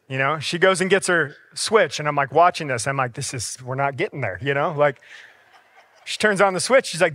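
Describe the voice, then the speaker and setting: Male pastor, high voice, dry close sound, conversational sermon. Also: brisk, bright, forceful tone, no room sound. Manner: conversational, storytelling with acted-out dialogue. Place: church sanctuary.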